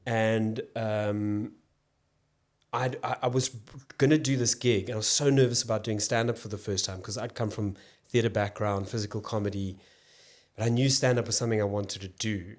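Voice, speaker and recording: A man, an actor and comedian, guests on a podcast interview, speaking in a lowish voice at normal speed. In casual storytelling chat he tells long rambling stories, staying relaxed and often breaking off mid-sentence.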